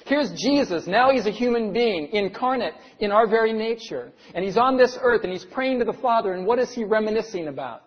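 A middle-aged male pastor with a high voice delivers an earnest sermon, asking his congregation question after question. The sound is dull and lo-fi, and his words ring out with a long reverb from a large church hall. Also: lively intonation, fairly quick, few pauses. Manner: earnest, asks the audience rhetorical questions.

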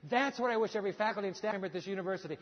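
A man preaching a sermon as pastor, telling a story with animated voices for the people in it. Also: high voice, racing. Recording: dull sound with long hall reverb.

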